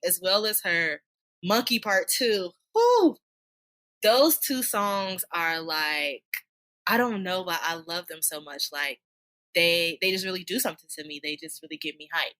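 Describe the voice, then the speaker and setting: A woman co-hosting a casual podcast chat, animated and slangy, laughing often. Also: medium pitch, a little slow. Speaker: podcast co-host.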